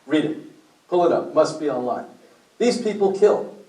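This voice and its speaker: A man with a high voice lectures a group, blunt and preachy, putting questions to his listeners. He is heard from a distance in an echoey meeting room. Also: animated, normal speed, mellow. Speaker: speaker at a health meeting.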